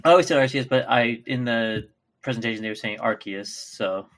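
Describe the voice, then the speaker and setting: A man's voice: medium pitch, brisk. Laid-back man in casual podcast chat. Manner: relaxed, laughs often, repeats words when excited. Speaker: podcast co-host.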